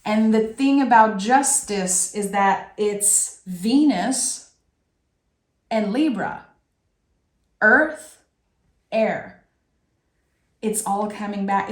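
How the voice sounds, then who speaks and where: A woman giving a spiritual tarot reading in a slow, earnest, heartfelt way. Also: medium pitch. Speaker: tarot reader. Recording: roomy echo.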